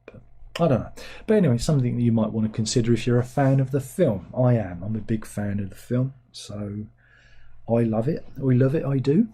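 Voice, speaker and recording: A man's voice: mid-range voice, fairly quick, dark tone, a little hiss or hum. A middle-aged man, hosting a livestream in casual chat. He rambles and mocks himself as he reads out viewers' comments. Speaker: livestream host.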